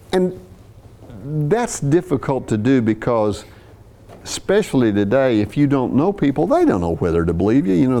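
A man's voice: fairly low pitch, mellow. A man preaching a sermon, talking through scripture in a conversational way with restarts and asides. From US South.

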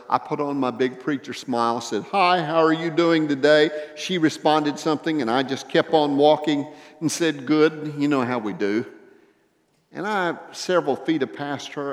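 A male pastor preaching a sermon, addressing the congregation with rhetorical questions and swinging between a raised, emphatic delivery and hushed, intimate tones. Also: mid-range voice, long reverb tail.

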